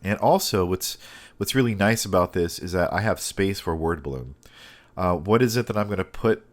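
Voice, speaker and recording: A man teaching a step-by-step digital comic drawing lesson, thinking aloud with frequent pauses and restarts. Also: deep voice, expressive. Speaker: comic art instructor.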